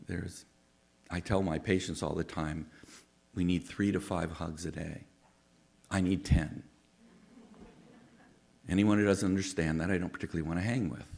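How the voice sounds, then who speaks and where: A man with a very low, gravelly voice delivers a conversational sermon-style talk. He is a psychologist who tells stories, often slipping into the voices of people he quotes. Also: fairly even intonation, normal speed, long pauses, darkish tone. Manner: chatty, storytelling, acts out quoted voices. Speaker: psychologist giving a Sunday talk.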